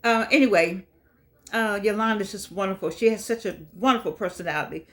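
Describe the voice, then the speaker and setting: A woman's voice: mid-range voice, brisk, a bit bright. An older woman, hosting a casual motivational vlog with effusive, rambling talk that repeats itself, her speech shaped by missing front teeth. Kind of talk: casual chatty monologue.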